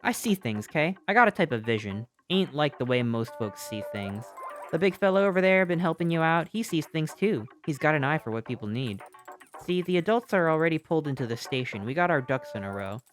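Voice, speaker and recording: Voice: medium pitch, animated, brisk, soft background music, pitched above the performer's own voice, lightly acted. A streamer voicing a blunt, cagey old woman shopkeeper who lectures in folksy talk. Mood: gruff.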